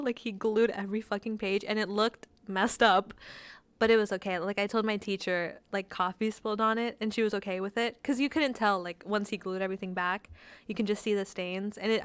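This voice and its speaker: Smooth-voiced young woman telling stories. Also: mid-range voice, steady tone, a little fast, dry recording. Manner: storytelling, laughs often, swears casually. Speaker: podcast co-host. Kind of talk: casual chat.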